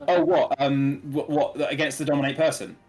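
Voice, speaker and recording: A man narrating a tabletop game as game master, relaxed and hesitant, with many filler words. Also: on the high side, moderate pace, soft background music. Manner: relaxed, hesitant with frequent ums.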